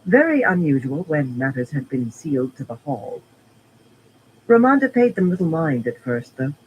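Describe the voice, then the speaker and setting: Man reader, somewhat high voice, steady audiobook narration, faint background hum. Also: normal speed, muffled recording.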